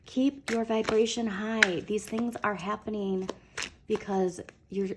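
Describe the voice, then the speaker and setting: A woman's voice: medium pitch, steady tone, slow, heavy background noise. A woman giving a casual tarot reading, encouraging her listeners and often checking in with "okay?". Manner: fillers and restarts. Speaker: tarot reader.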